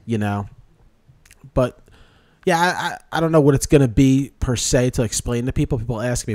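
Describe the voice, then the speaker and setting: A man's voice: mid-range voice, normal speed, no room sound. A man hosting a podcast in casual chat, telling rambling stories and acting out quoted lines. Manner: rambling, animated storytelling with quoted asides. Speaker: podcast host.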